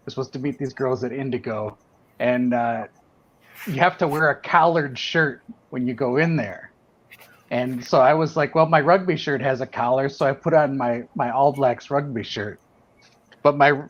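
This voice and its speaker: A man telling a lively anecdote in casual chat on an art stream, acting out the quotes. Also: medium pitch. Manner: animated anecdote teller, acts out quotes. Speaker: artist on a drawing livestream. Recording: dull lo-fi stream audio.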